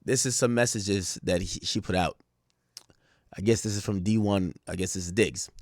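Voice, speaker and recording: A man's voice: sits low, normal speed, no room sound, studio quality. A man hosting a livestream, reading messages aloud and commenting in an offhand way. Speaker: streamer host.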